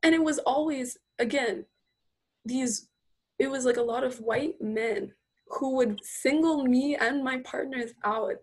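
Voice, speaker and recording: A woman in casual conversation, telling animated stories and acting out what people said, with lots of "like" in her speech. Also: sits high, measured pace. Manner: animated storytelling, many "like"s, acts out quotes. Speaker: guest. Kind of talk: casual chat.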